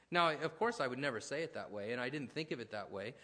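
A man preaching in a relaxed, conversational way, slipping into personal stories and asides. His voice sits at an ordinary middle pitch. A long reverb trails each phrase, as in a church hall. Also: fast, few pauses. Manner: conversational, storytelling, with restarts and asides. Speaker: pastor. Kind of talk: sermon.

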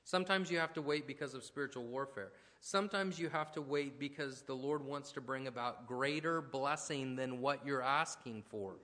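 A man preaching in a relaxed, conversational way, slipping into personal stories and asides. His voice sits at an ordinary middle pitch. A long reverb trails each phrase, as in a church hall. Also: moderate pace, few pauses. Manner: conversational, storytelling, with restarts and asides. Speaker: pastor. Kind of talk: sermon.

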